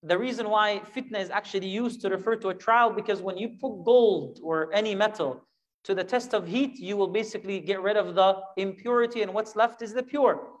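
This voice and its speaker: A man's voice: sits high, fairly quick. Man teaching a Quran lesson. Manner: animated, acts out imagined voices, rhetorical questions.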